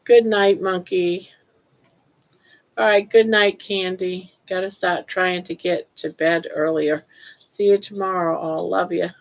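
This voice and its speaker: A woman's voice: on the low side, steady tone, measured pace. An older woman hosting a casual livestream, cooing baby talk at her pet. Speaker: livestream host. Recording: dull lo-fi livestream audio.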